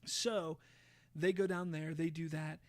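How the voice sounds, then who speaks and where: A man hosting a podcast, casually retelling a show's plot with lively, swear-laden storytelling. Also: a little high, unhurried. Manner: animated storyteller, swears freely, acts out quotes. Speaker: podcast host.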